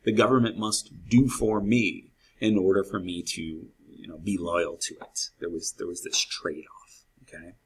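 A man's voice: low-pitched, little pitch movement, unhurried, slightly rough, poor audio. A man teaching a history lesson in a conversational way, repeating key phrases and asking his students questions. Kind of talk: classroom history lecture.

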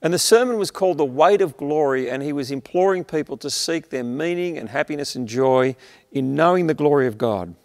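An Australian male preacher delivers an earnest, emphatic sermon in a fairly high voice. He slows down to stress key phrases and lets his lines trail off softly. His voice carries a long reverb, as if filling a large hall. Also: animated. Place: church, streamed online.

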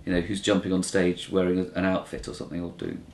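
A man's voice: sits low, completely flat delivery, fast, slight background noise. A man in his thirties, a comedian answering interview questions, rambling and breaking off to act out quoted voices. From Britain. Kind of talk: conversational interview. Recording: roomy interview recording.

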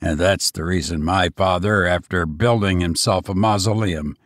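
A man voicing a grim, brooding older male banker who speaks low, slow and relentlessly. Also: no room sound, studio quality, close to an everyday voice.

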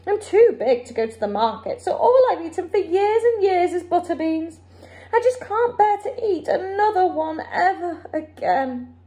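A woman voicing a huge, hungry, forgetful male giant, booming slowly and sobbing in a storybook. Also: big pitch swings, warm tone. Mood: sad.

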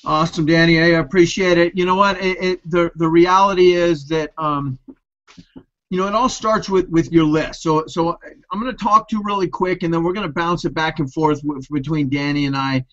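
A man's voice: on the high side, steady tone, normal speed, a bit bright. A man hosting an online business training, coaching in a motivational webinar style and firing off rhetorical questions. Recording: muffled lo-fi video call audio.

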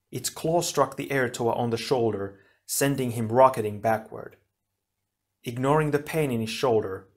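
A man narrating an action storybook in a steady, even reading voice. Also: mid-range voice. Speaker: audiobook reader.

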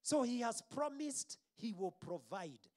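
A man with a Kenyan accent preaching a sermon as pastor, stressing words emphatically and letting phrases trail off softly. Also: very high-pitched, lively intonation, slow.

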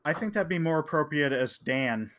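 A man co-hosting a casual podcast discussion, relaxed and measured, with occasional fillers. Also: fairly high pitch. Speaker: podcast co-host.

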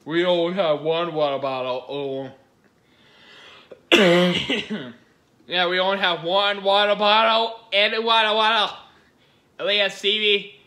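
A man's voice: sits high, sharp tone. A man giving giggly, rambling reaction-video commentary, gushing over what he watches.

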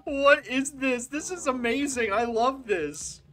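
A game streamer giving casual live commentary, excitable and swearing freely, swinging between loud outbursts and hushed asides. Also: high voice, slow pace.

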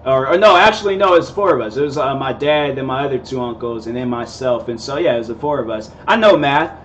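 A man's voice: medium pitch, quick pace, fairly bright tone, a little hiss or hum. A young man in his twenties telling a rambling, casual story, full of fillers and laid-back slang. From Seattle area, USA. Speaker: vlogger host.

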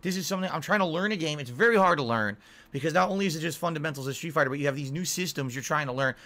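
A man streaming games, ranting in an exasperated, profane way about his chat, sometimes yelling. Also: a little high, very fast. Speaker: game streamer. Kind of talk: angry stream rant.

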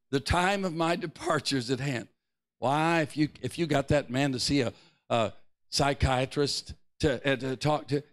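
An older man and pastor preaching a fervent sermon to a live church congregation, swinging between loud shouted bursts and quiet asides. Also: high-pitched.

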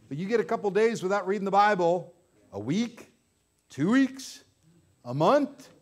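Fervent preaching man, slightly high voice. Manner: fervent preaching, repeats phrases for emphasis. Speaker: pastor. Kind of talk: sermon. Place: church sanctuary. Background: congregation.

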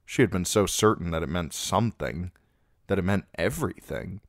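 A man narrating a fantasy novel as an amateur audiobook reader, with steady, even storytelling. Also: deep voice, normal speed, no echo, studio quality.

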